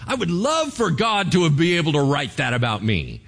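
Animated pastor, lively voice. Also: male voice, normal speed, gravelly. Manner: animated storyteller, acts out characters with big pitch swings. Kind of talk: sermon.

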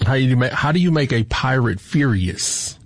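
A man's voice: mid-range voice, animated, moderate pace. A man co-hosting a radio show in a studio, easygoing and a bit hesitant, with plenty of fillers. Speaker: radio co-host. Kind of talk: casual radio talk.

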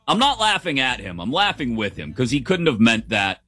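A man's voice: mid-range voice, big pitch swings, moderate pace, a bit bright. A middle-aged man hosting a morning sports talk show, chatty and opinionated, laughing as he goes, on a close studio mic. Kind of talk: casual sports radio commentary.

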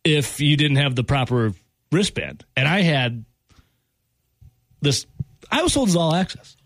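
A man's voice: a little high, a little slow, no echo. A man hosting a radio show, telling a funny story in casual chat and laughing as he goes. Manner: animated, laughing anecdote teller.

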